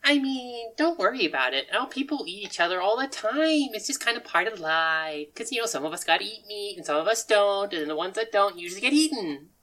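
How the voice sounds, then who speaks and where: A woman's voice: mid-range voice, fairly quick, few pauses, voice pushed up, lightly acted. A woman voicing a cheerful, oddball young male sushi maker who talks breezily about grim things. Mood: breezy. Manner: chirpy, rambling, a bit deadpan about grim things.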